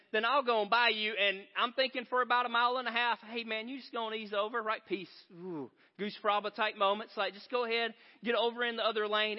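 A man preaching a sermon in a large church, telling stories in a conversational, joking way. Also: high voice. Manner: conversational storytelling, animated and joking. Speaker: pastor. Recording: reverberant hall, dull sound.

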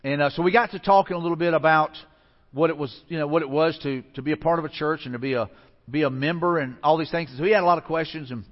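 A man's voice: a little high, in a large hall, highs cut off. A man pastor delivering a conversational sermon, telling stories with frequent restarts. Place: church sanctuary.

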